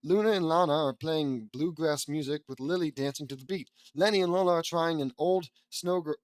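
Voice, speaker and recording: Young guy reading fanfic out loud, trips on words, snarky asides, dry close mic. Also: on the high side, fairly quick, dry recording. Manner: stumbles over words, mocks the text, swears in asides; flat tags, bursts louder on character lines. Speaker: fan fiction audiobook reader. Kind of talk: casual reading aloud with asides.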